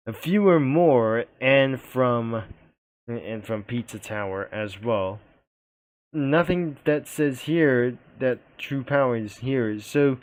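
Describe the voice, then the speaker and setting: A man's voice: mid-range voice, no room sound. A young man giving casual, rambling commentary on his own channel while browsing a website, with loose phrasing and many fillers. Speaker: YouTuber. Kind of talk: casual screen-recording commentary.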